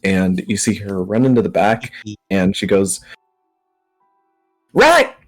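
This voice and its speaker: A man narrating a tabletop game as game master in a relaxed style full of fillers. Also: low-pitched, normal speed, soft background music.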